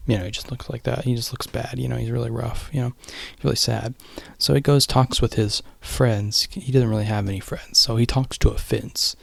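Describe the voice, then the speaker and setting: A man's voice: medium pitch, fairly even intonation, normal speed, creaky. A young man casually rambling through a movie recap, restarting often and sometimes dropping to a whisper. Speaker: vlogger.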